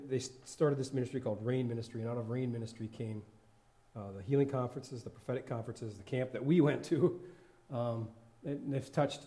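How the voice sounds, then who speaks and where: A worship leader and lay preacher with a mid-range, dark-toned voice gives an informal sermon in church. He rambles and laughs often as he corrects himself.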